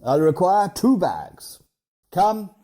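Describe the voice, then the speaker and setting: A woman's voice: fairly low pitch, big pitch swings, takes it slowly, mellow, heavily acted. A woman voicing a stiff, formal male theatre producer in a comic radio sitcom. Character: male theatre producer playing a pompous gentleman.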